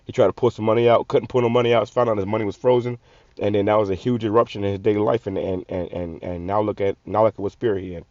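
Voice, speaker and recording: A man's voice: on the low side, fairly even intonation, fast talker, darkish tone, dry recording. A man, giving blunt, profane casual commentary on a video, often repeating and restarting words. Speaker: channel host. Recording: muffled lo-fi audio.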